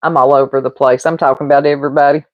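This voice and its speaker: A woman's voice: extremely low pitch, steady tone, very fast, lo-fi sound, slight background noise. A woman livestreamer chatting casually into her mic, gossiping, rambling and laughing often as she answers chat. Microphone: streaming mic.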